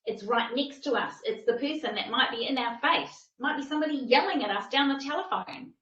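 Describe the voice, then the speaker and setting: A woman's voice: sits high, animated, brisk, a bit bright, roomy sound, recorded from a distance, muffled recording. A woman coach teaching a masterclass, talking emphatically and repeating phrases for stress.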